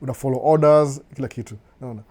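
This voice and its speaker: A middle-aged Kenyan man hosts a relaxed live stream, answering viewer comments as they come in. His voice is mellow and even, and his talk moves freely between Swahili and English. He often brushes things off with a quick "no, no" and a chuckle. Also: mid-range voice. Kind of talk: casual live chat reading viewer comments.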